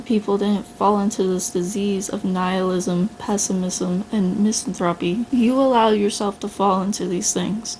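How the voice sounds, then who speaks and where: Blunt, gravelly-voiced woman giving a pep talk. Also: medium pitch, darkish tone, slight background noise, poor audio. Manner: blunt, earnest, casual, addresses listener as "you". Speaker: vlogger. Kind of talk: motivational self-talk monologue.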